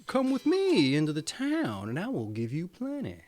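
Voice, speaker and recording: A man's voice: a little high, huge pitch swings, normal speed, darkish tone. A man voicing a small, kindly male sparrow who coaxes a hungry dog in a storybook reading. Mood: coaxing.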